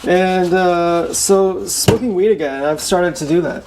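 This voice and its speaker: Slow, gravelly, sighing vlogger. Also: medium pitch. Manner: unsure, sighing, halting delivery. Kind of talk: casual rambling monologue. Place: home kitchen, washing dishes. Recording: loud kitchen noise from dishes and tap. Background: running tap and clattering dishes.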